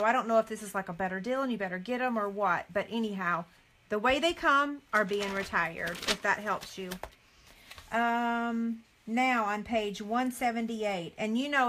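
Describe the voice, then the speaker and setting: A woman's voice: medium pitch, bright, forceful tone. A middle-aged woman, chatting live with viewers as a craft demonstrator and reading items off a catalog, with frequent dismayed sighs. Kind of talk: casual live chat with viewers.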